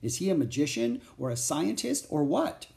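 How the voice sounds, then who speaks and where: A man's voice: a little high, vocal fry. A man voicing an eager, brave young girl who exclaims readily, raising his voice for her. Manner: excited, quick to exclaim.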